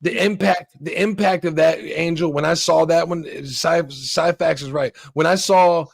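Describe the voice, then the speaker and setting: A man in a casual livestream debate about a movie, talking in an animated way, swearing and acting out reactions. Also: fairly high pitch, a little slow, gravelly, husky, no room sound. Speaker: podcast host.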